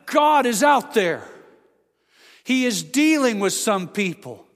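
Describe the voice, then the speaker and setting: A man's voice: very high-pitched, sing-song, slow, fairly bright tone. A man preaching a sermon as a pastor, emphatic and acting out the voices he quotes. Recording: long hall reverb.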